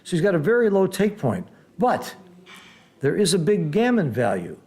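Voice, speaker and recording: Brief: man, game commentator, slightly high voice, excitable, teacher's patient explanations. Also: moderate pace, slightly rough. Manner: excitable, exclaims loudly at big rolls, then explains calmly.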